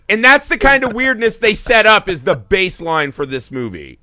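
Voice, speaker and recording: A man's voice: high voice, a little fast, hardly any pauses, no echo, studio quality. A man co-hosting a film podcast, talking casually and with energy, swearing freely and laughing often. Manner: animated, profane, laughs often. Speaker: podcast co-host.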